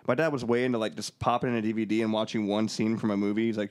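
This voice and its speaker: A man's voice: fairly low pitch, very fast. A man from Ohio co-hosting a podcast, telling stories casually with lots of swearing and acted-out quotes. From Ohio, USA. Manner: animated, acts out quoted voices. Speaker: podcast co-host. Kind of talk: casual profane storytelling.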